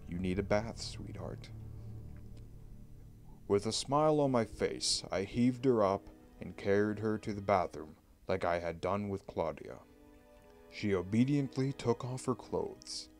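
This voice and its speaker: A man with a fairly low voice reads a horror tale very slowly, letting each line sink in. His delivery is hushed and deliberate, with faint music playing softly behind him. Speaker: creepypasta narrator. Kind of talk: dramatic horror story reading. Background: faint background music.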